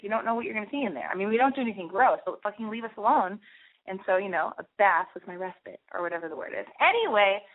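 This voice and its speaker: A young woman talks straight to her listeners in a loose, rambling confession, swearing freely and poking fun at herself. She breaks into bursts of animated voices when she replays her own past thoughts. The sound is narrow and tinny, like a phone line. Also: medium pitch. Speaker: radio show host. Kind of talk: candid personal monologue. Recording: tinny phone-like radio audio.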